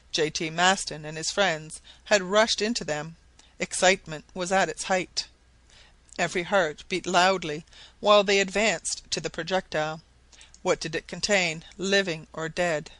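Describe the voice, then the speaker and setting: A man reading a classic adventure novel aloud, narrating with animated delivery and acting out the shouted lines. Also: sits high, no echo, low-quality recording. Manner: animated, acts out shouted quotes. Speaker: audiobook reader.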